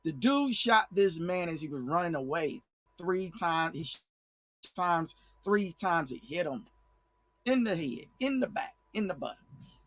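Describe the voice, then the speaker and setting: A man with a high-pitched voice delivers blunt, fiery commentary straight to his viewers. He repeats words and restarts sentences as he pushes each point hard. The tone stays heated and direct throughout. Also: sing-song, a little slow, fairly bright tone. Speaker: online commentator.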